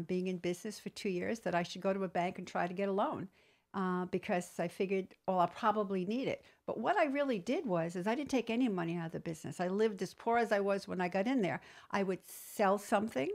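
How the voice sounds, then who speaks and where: A woman entrepreneur telling stories in an interview, lively, acting out quoted dialogue. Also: medium pitch, a little fast. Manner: animated storyteller, acts out quoted dialogue. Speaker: entrepreneur guest; business trainer. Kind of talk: storytelling interview.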